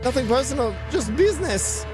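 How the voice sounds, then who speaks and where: A man doing a shrill, panicky arms dealer. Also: animated, a little fast, over music. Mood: pleading.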